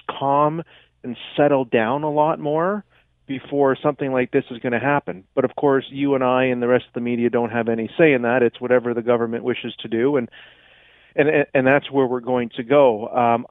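A man's voice: medium pitch, dry recording. A man with a frog in his throat chats as a radio guest, stumbling over repeated words. He talks into a headset. The line is tinny and phone-like, with a dry, close sound. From Canada. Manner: halting, repeats words, animated. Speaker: guest co-host. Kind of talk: casual radio chat.

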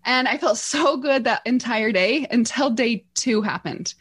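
Brief: middle-aged woman, fairly high voice, animated and earnest storyteller, podcast guest. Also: moderate pace, few pauses, slightly rough. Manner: animated, earnest, acts out quotes. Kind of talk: personal storytelling.

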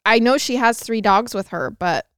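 A woman co-hosting a true crime podcast, chatting casually and teasing her partner with quick interjections. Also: fairly high pitch, fairly bright tone, clean tone, dry recording, studio quality. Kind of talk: casual chat.

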